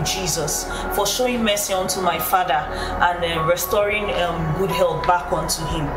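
Grateful woman, far off in an echoey room. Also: on the low side. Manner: grateful, prayerful. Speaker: testimony giver. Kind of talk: spoken testimony. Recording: echoey, distant, loud music.

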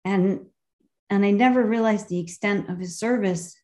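A warm, medium-pitched female voice relates a personal memory with deep feeling at a memorial gathering. Heard via video call, she frequently halts to find her words.

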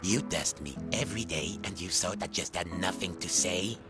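A man's voice: low-pitched, normal speed, natural voice. An actor playing a rude, grumpy old male hermit crab in a game, who scolds in a cranky voice that swoops up and down. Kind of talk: game narration acting. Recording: game audio with music behind.

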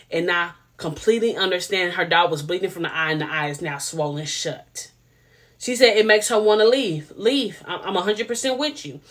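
Woman ranting about a tv episode, bright voice, emphatic, says it straight to her viewers. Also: on the high side. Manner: blunt, emphatic, opinionated; chatty, addresses viewers directly. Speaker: show reviewer. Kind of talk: casual opinion commentary.

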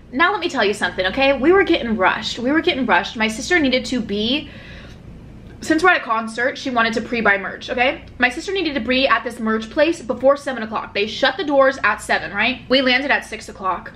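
A woman vlogger telling a story in a chatty, animated way, with lots of swearing and fillers, talking in a hotel room. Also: a little high, slight background noise. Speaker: mukbang vlogger. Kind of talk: casual storytelling vlog.

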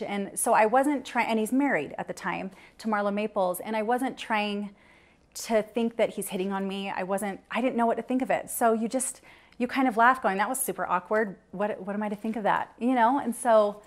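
A young woman answering interview questions, hesitant and full of restarts, at times close to tears. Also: a little high. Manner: hesitant, many ums and restarts, gets teary.

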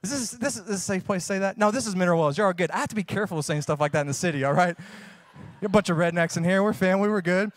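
Pastor guy in his 30s, higher voice, dry close sound, folksy jokey sermon that builds up. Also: very fast, no room sound. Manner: folksy, joking storyteller who preaches with rising fervor.

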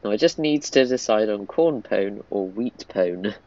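A man reading the lines of a gruff old male cowboy cook from a mobile game, in his own plain voice without an accent. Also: fairly low pitch, lively intonation, measured pace, a little mellow, muffled recording, a little hiss or hum. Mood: amused reading.

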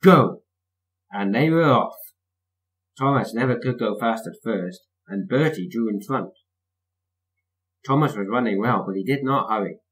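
A man reading a children's storybook aloud in a lively, expressive way. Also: on the low side, normal speed, long pauses, poor audio. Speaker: storybook reader.

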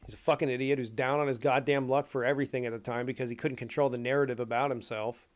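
A man talking casually and profanely on a stream, telling animated stories. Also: mid-range voice, quick pace. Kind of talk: casual rant.

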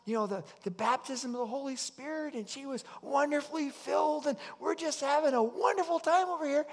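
A man putting on a gushing, excited woman caller. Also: brisk, gravelly. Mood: overjoyed. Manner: breathless, high and loud. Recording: long hall reverb.

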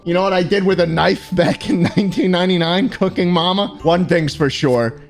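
A young man streaming a motion-control cooking game, giving sarcastic comedic commentary and breaking into shouts and laughter. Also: high voice, normal speed, faint music behind. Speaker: gaming streamer.

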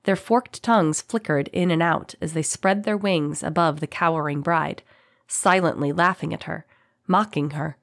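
A woman reads a fantasy audiobook aloud. Her voice sits low, and her reading is dramatic and expressive. The sound is dry and close. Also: moderate pace, vocal fry, no echo. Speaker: audiobook narrator. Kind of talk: scripted fantasy narration.

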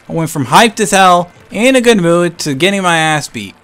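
A young man giving live gameplay commentary, excitable and swinging between hype and frustrated ranting. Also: a little high, moderate pace, few pauses, faint music behind. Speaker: gaming channel host.

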